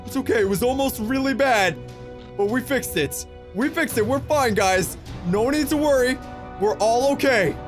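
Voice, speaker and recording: Young male gaming YouTuber, high pitch, exasperated running commentary. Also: normal speed, over music. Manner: frustrated, exclaiming, rambling self-talk. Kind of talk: let's play commentary.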